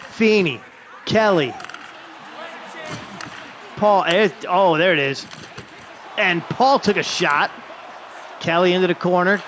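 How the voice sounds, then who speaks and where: Excited man calling hockey game action. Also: high voice, a little hiss or hum. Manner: rooting openly for his team, shouts at big moments. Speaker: gamer doing play-by-play of a hockey video game. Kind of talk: excited play-by-play commentary.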